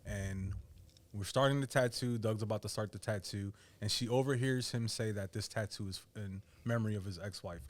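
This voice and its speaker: A man's voice: fairly low pitch, normal speed. A man who works as a tattoo artist, telling a profane story in a casual podcast chat.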